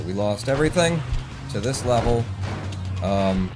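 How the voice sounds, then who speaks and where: Speaking at a moderate pace in a fairly low register, this man narrates his own speedrun on stream. He curses a lot and keeps up a muttered self-talk, with game music playing beneath him.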